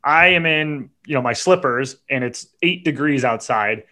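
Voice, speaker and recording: Bright-voiced profane storyteller man. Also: a little high, normal speed. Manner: animated, profane, builds to indignant outbursts. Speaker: podcast co-host. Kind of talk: casual storytelling chat.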